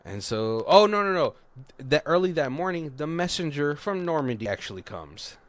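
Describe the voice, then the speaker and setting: A man's voice: fairly high pitch, sing-song, moderate pace, no echo. A man on a podcast casually retelling a film plot, rambling and breaking into laughter often. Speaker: podcast co-host. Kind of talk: casual movie recap.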